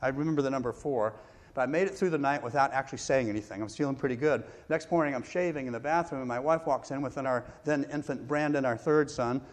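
Middle-aged man, pastor, sermon delivery, personal storytelling, mid-pitched voice. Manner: storytelling, warm pauses, self-deprecating laughs.

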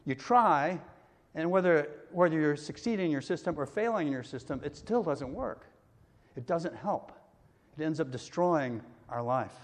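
A man's voice: on the high side, expressive, normal speed. A male pastor preaching a sermon in a conversational way, now and then acting out the people in the story. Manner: conversational preaching with acted-out quotes. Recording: long hall reverb.

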